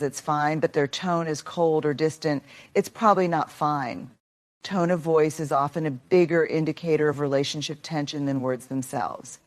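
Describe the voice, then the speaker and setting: Woman narrator with a low voice, measured delivery that leans on key words, scripted motivational talk.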